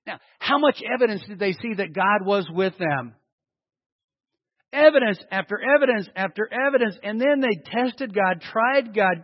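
Animated high-voiced preacher in a reverberant hall. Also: male voice, measured pace. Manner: animated, full of rhetorical questions. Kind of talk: sermon. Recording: dull lo-fi with long hall reverb.

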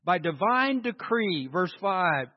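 A man's voice: high-pitched, sing-song, slow. A man preaching a sermon, emphatic, asking rhetorical questions and answering them himself. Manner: emphatic, stressing single words. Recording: echoey hall, dull lo-fi sound.

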